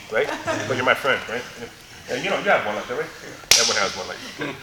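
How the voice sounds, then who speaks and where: His mid-range voice has lively intonation and a fast pace as the middle-aged man teaches martial arts live, slipping stories and frequent laughter between demonstrated moves. The setting is a large gym that echoes, with faint ambience and crowd noise audible.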